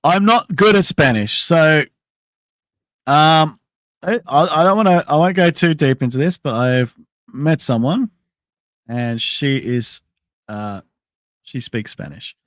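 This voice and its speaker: A man's voice: fairly high pitch, expressive, slow, long pauses, fairly bright tone, dry recording. A man hosting a casual livestream, thinking aloud in a rambling way with many restarts and answering chat messages. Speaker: livestream host.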